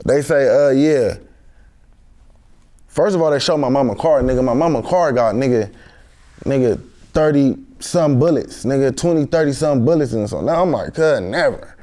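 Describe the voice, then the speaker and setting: A young man talks in slangy street speech packed with fillers. His voice is mellow and relaxed, and it sits at a middle pitch. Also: normal speed. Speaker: guest. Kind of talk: street storytelling interview.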